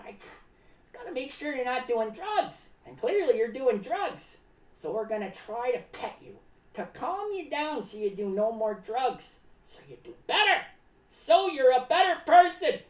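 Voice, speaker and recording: A woman's voice: high voice, recorded from a distance. A woman playing a zany rambling clown. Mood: musing. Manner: rambling, jumps between topics, sudden shouts and drops. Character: zany rambling clown, excitable, refers to self in third person. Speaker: clown character host. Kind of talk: improvised comic monologue. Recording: roomy echo, away from mic.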